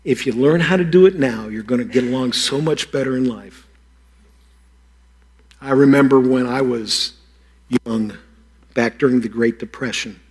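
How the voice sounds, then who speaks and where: A pastor giving a playful children's sermon, teasing and talking straight to the kids. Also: male voice, mid-range voice, moderate pace, pauses often, slightly rough.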